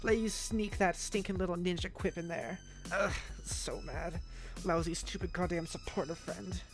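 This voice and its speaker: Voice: medium pitch, fairly even intonation, moderate pace, close to an everyday voice. A snarky, sulking teenage troll girl with an exasperated grumble, as a streamer puts her on. Faint music plays underneath. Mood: sulky annoyed. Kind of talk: practicing a character voice on stream.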